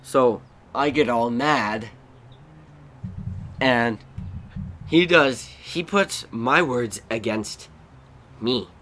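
A man hosting a podcast, telling rambling, animated stories about his family. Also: medium pitch, extremely slow, long pauses, a little hiss or hum. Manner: rambling, animated, bursts into loud acted shrieks. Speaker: podcast host. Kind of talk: casual storytelling.

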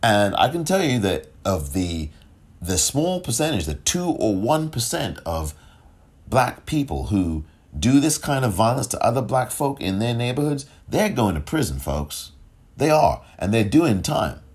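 A man's voice: medium pitch, sing-song, unhurried, a little mellow, slightly rough. A man hosting a solo podcast commentary, impassioned and rhetorical, repeating phrases for emphasis and rising into pointed questions. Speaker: podcast host.

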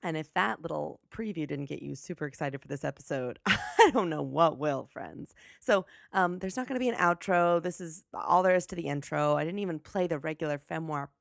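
A young woman talks through her podcast intro in a loose, rambling way, gushing with playful, exaggerated excitement. Her voice sits fairly low and carries a strong gravelly fry. The sound is close and dry. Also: brisk, few pauses, no room sound. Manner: gushing, rambling, playfully over-the-top enthusiasm. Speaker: podcast host. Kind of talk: casual solo podcast intro.

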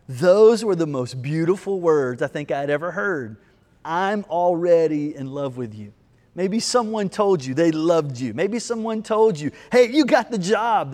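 A middle-aged man, a pastor, preaching a sermon and telling stories, with slow emphatic lines broken by quick asides. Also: a little high. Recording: long hall reverb.

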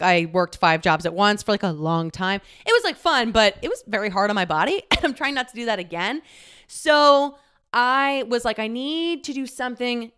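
Candid, profane young woman with a smooth voice. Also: mid-range voice, fairly bright tone. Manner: candid, profane, laughs often; chatty, many fillers and acted quotes. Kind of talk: casual storytelling to camera.

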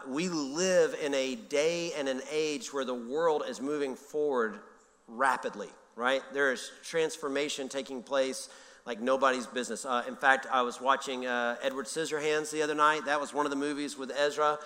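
Middle-aged male pastor, bright and forceful, conversational sermon with restarts, recorded in a reverberant sanctuary. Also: mid-range voice, moderate pace. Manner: conversational, self-interrupting, animated storytelling.

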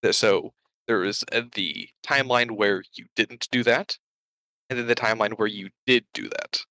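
Breathless, rambling bright-voiced man. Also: on the low side, normal speed, no echo, poor audio. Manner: rambling, hesitant, many fillers. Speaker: podcast co-host. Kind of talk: casual chat.

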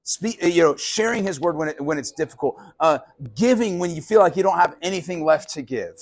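A man preaching a sermon with a husky, somewhat high voice. He keeps it loose and conversational and slips into the voices of the people in his story. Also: fairly quick. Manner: animated, casual, acts out quoted voices. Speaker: pastor. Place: live sermon at a college venue.

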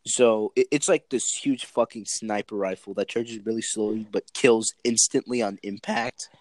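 Rambling, swearing young man, lowish voice. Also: normal speed, no room sound. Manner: rambling, filler-heavy, profane. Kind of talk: casual chat.

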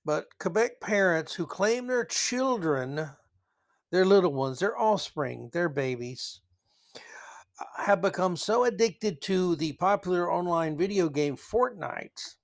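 A man's voice: high-pitched, animated, slow, vocal fry. A man hosting a solo opinion podcast, ranting sarcastically and hammering his key words. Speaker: podcast host.

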